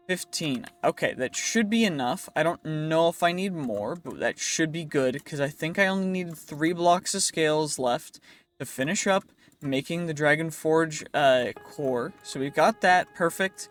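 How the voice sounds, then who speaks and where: A young man narrates his gameplay in a casual, upbeat way, full of playful slang and little asides to viewers. His voice sits a bit higher than most men's. Soft music plays faintly underneath. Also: animated, unhurried. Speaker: gaming channel host.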